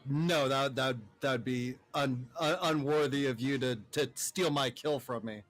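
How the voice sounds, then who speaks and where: Low-key man playing a tabletop game. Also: measured pace, fairly bright tone. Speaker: player. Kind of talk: casual tabletop play.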